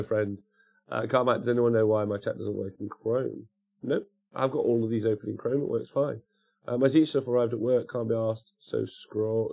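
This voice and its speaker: A man's voice: lowish voice, vocal fry, a little mellow, husky. A man hosting a casual livestream, rambling and chatting while greeting viewers by name. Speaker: livestream host. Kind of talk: casual chat reading live comments.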